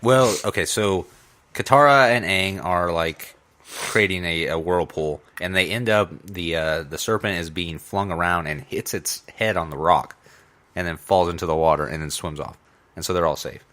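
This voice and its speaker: A young man with a low pitch and a bright, edged tone walks through a plot recap in easygoing casual chat. He fills his retelling with ums and likes. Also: normal speed. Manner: easygoing, filler-heavy retelling. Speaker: podcast co-host.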